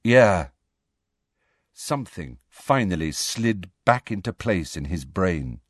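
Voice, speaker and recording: A man reading a storybook aloud as audiobook narrator, in expressive scripted narration on a close studio mic. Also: low-pitched, measured pace, husky, no echo.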